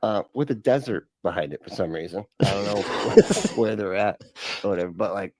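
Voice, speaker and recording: A man's voice: fairly low pitch, normal speed, a little mellow, no room sound. A man hosting a reaction video, riffing casually with frequent swearing and laughter. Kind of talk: casual comedic commentary.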